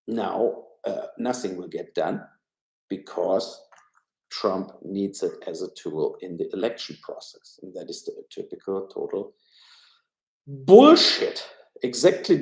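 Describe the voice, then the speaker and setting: A man's voice: low voice, vocal fry, warm tone, roomy sound, poor audio. A man from Germany with a German accent, giving blunt, rambling, opinionated film and politics commentary on a casual live stream from home. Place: room at home.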